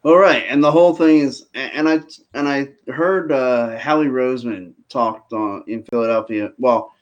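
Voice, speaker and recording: A man co-hosting a casual sports talk show, relaxed, telling stories and steering to the next topic. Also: medium pitch, normal speed, highs cut off. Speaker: sports podcast co-host. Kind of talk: casual chat.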